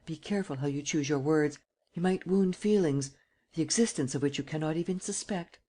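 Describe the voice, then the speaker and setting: A man's voice: fairly high pitch, fairly quick, mellow, close to an everyday voice. A male narrator voicing an anxious old woman who pleads and frets over her granddaughter. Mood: pleading. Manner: tearful, imploring.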